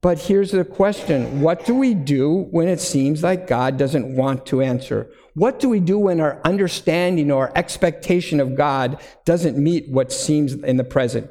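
A middle-aged man preaching a sermon, earnest and deliberate, slowing down to stress key words. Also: a little high, darkish tone, big-room sound. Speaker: pastor.

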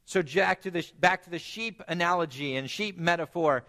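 A man preaching a sermon, earnest, climbing to emphatic peaks and then dropping low and quiet. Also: fairly quick, hardly any pauses.

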